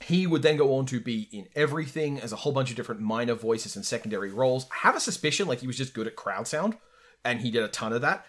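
A man's voice: mid-range voice, animated, fast talker, a bit bright. A man co-hosting a podcast, chatting casually and piling on trivia about voice actors while laughing easily. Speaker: podcast co-host. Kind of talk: casual chat.

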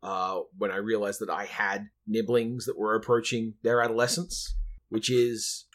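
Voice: medium pitch, flat delivery, moderate pace, fairly bright tone. A podcast co-host in a casual movie review chat, hesitant with many fillers and restarts, making dry remarks.

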